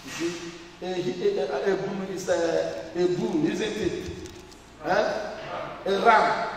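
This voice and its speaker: A man with a Nigerian accent preaching a sermon in call-and-response style, rising to shouts. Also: high-pitched, a little slow, creaky, a little hiss or hum. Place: church. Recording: echoey church hall, mic far off.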